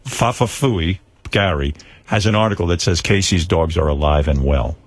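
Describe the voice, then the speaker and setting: A man's voice: sits low, moderate pace, no echo. A man hosting a radio interview, blunt and teasing, mostly giving short reactions and questions. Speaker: radio host.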